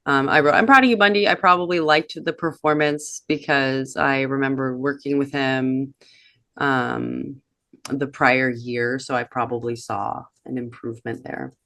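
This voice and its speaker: Bright-voiced woman co-hosting a podcast. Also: rumbling low, level tone, measured pace, creaky, no room sound, clean studio sound. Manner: reflective, reads off old notes, many fillers. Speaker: podcast co-host. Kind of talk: casual chat.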